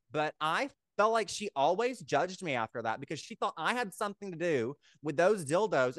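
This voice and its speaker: Animated young man telling a story. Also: fairly high pitch, no echo, clean studio sound. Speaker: podcast co-host. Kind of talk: casual chat.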